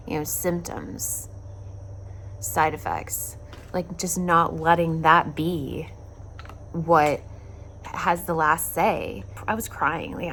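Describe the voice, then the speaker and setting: A woman in her thirties recording a casual video diary outdoors while in pain and tired from surgery, speaking in a reflective, halting way with many fillers and dipping into whispers. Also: on the low side, fairly bright tone, a little hiss or hum. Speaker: vlogger recovering from surgery. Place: outdoors in a backyard at sunset.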